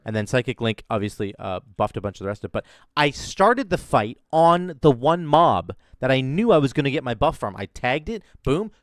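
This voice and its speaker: A man's voice: mid-range voice, no room sound, clean studio sound. A man giving enthusiastic, casual commentary over his own video game footage, explaining as he plays. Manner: enthusiastic, explains while playing. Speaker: gaming content creator. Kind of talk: gameplay commentary.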